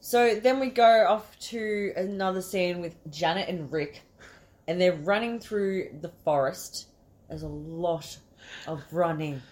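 A woman's voice: fairly low pitch, measured pace, a little mellow. A woman co-hosting a casual movie podcast, swearing freely and laughing often. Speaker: podcast co-host. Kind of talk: casual movie review chat.

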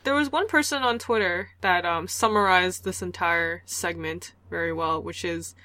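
A woman's voice: on the low side, moderate pace, pushed and bright. A woman co-hosting a casual podcast, teasing her co-hosts. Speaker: podcast co-host.

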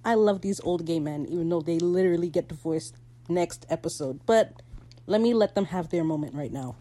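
Female podcast host, casual recap chat; animated, slangy delivery with a lowish voice. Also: a little fast. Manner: animated, slangy, bursts into laughter.

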